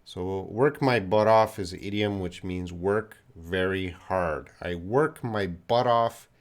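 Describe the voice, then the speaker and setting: Canadian male English teacher, slightly low voice, patient live-stream explainer with lots of fillers. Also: slow pace. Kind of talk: live-stream English lesson, answering questions.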